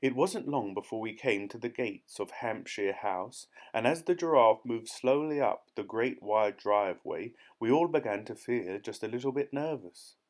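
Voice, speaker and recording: A man narrating a children's audiobook in a clear, steady storytelling manner. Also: mid-range voice, moderate pace, few pauses. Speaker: audiobook reader.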